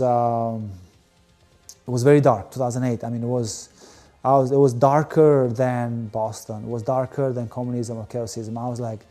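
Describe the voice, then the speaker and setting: A man's voice: medium pitch, dark tone. A man, telling his story as a guest in an interview, candid and rambling with many fillers. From Albania. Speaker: guest, volleyball player. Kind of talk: emotional personal storytelling.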